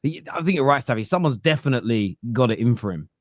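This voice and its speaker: A man hosting a casual football podcast, rambling and animated as he talks. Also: medium pitch, fast, no room sound, studio quality. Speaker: podcast host.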